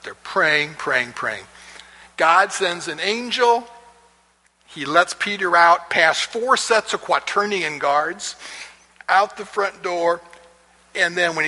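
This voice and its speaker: A man's voice: a little high, sharp tone. A man teaching a Bible class in a chatty, storytelling way, chuckling and restarting often, in an echoey hall. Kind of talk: casual lecture with storytelling.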